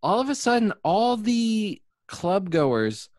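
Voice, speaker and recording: A man's voice: high-pitched, sing-song, slow pace, a little mellow, dry recording, clean studio sound. A man in casual chat, telling a rambling, profane story full of fillers.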